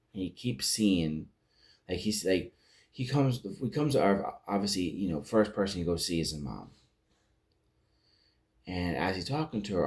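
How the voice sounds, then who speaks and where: A man giving a casual, rambling spoken review of a TV episode, retelling scenes and acting out lines. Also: low-pitched. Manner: rambling recap with restarts and acted-out quotes. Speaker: show reviewer. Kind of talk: casual commentary.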